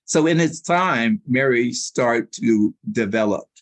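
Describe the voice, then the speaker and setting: A man telling stories as a guest in a sit-down interview, animated and slangy. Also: medium pitch, slow pace, dry recording. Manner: animated storyteller with street slang. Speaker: public relations consultant, interview guest.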